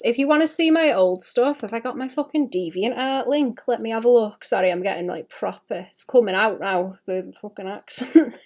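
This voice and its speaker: A woman in her late twenties, with a slightly high, darkish voice, chats casually on a livestream while drawing. The artist swears freely and laughs at herself.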